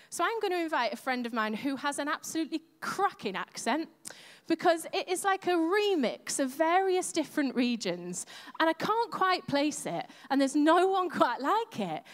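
A woman leading a church service, speaking in a chatty, upbeat way as she opens the sermon. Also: sits high. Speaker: church leader. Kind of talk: sermon introduction. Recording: long hall reverb.

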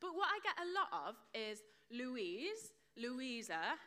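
Very animated and high-pitched, a woman preaches at a moderate pace in a bright, forceful tone. It's a chatty sermon full of banter, jokes and questions for the live congregation in a church hall, recorded on a close mic without a windshield that catches her breaths.

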